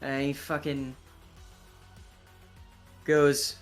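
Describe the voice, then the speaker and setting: Slow, swearing tabletop game master. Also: medium pitch, fairly bright tone, faint music behind. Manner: casual, profane, rambling.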